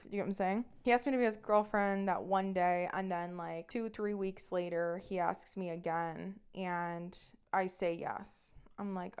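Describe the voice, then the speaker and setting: Young woman rambling through a dating story on her podcast, swears a lot, says like constantly, smooth clear voice. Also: medium pitch. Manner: candid, profane, chatty, lots of "like". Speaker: podcast host. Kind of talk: casual storytelling monologue.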